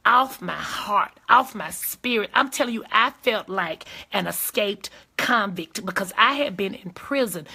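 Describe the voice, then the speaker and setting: A woman's voice: medium pitch, gravelly, bright, forceful tone. A woman hosting a live advice video, talking emphatically and straight to her viewers in a casual, preachy way. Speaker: host of a live advice video, lawyer and judge.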